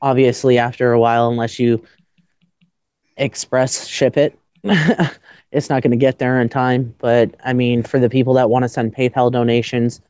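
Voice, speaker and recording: A woman's voice: rumbling low, flat delivery, normal speed, dark tone, clear, resonant tone, dry recording. A woman from Canada hosting a casual livestream chat from outdoors in freezing weather, shivering and stuttering from the cold and laughing at herself as she jokes. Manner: giggly, self-mocking, joking. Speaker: livestream host.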